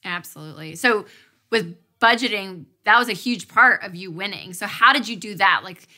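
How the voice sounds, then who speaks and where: A young adult woman hosting a talk show, telling a chatty, animated story and then interviewing a guest. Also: mid-range voice, normal speed. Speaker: show host.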